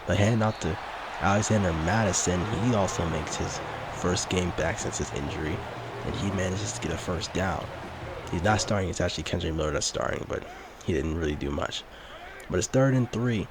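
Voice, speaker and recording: A man giving casual play-by-play commentary over his football video game, rising with excitement on big plays. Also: deep voice, brisk, heavy background noise. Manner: mock sportscaster play-by-play, lively on big plays. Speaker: gaming YouTuber.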